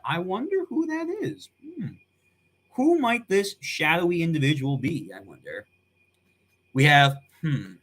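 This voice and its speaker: A man's voice: a little high, bright, forceful tone. A man reacting live on stream, talking in a casual, slangy way with frequent swearing and laughter.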